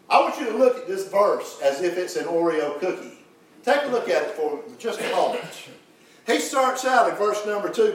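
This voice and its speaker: Folksy preacher in echoey church. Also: male voice, high voice. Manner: folksy preaching with wide swings from hushed to loud. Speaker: pastor. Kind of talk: sermon. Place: church sanctuary. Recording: very echoey, from far off.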